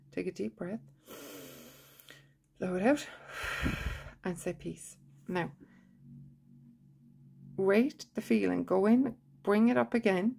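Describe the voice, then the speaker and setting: A woman teaching a tapping technique, leading slow, repetitive guided affirmations in a soft voice. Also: medium pitch, slight background noise. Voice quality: gravelly, husky voice.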